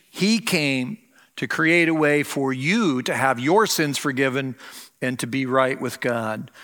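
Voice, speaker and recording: An older male pastor delivers a Christmas sermon from the pulpit, his voice high-pitched and bright. He preaches earnestly and lets key phrases stretch out slowly. The sound carries a long reverb from the church around him. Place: church sanctuary.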